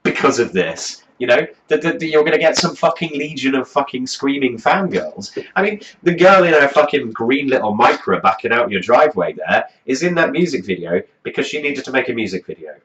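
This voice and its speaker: A man's voice: medium pitch, very animated, brisk, few pauses, fairly bright tone, muffled recording, a little hiss or hum. A man delivering a profane comedic rant as a music review host, swearing constantly in a mocking, exasperated way.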